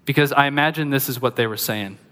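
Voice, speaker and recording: A man preaching a sermon as pastor, lively and conversational, with joking asides to the congregation. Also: medium pitch, quick pace, long reverb tail.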